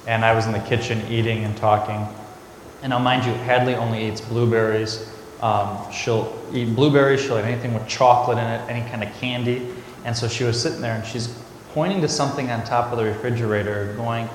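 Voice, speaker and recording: A priest giving a conversational homily, telling a family story before turning to scripture. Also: male voice, medium pitch, fairly even intonation, brisk, slight background noise. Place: large church. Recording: echoey church recorded from afar.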